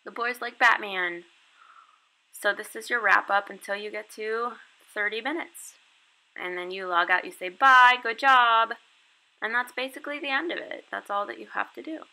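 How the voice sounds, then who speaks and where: Woman teacher walking thru her online lessons, super bright voice w a bit of fry, chatty and casual. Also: mid-range voice, moderate pace, rough recording. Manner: chatty, explaining step by step with casual fillers. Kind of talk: casual screen walkthrough tutorial.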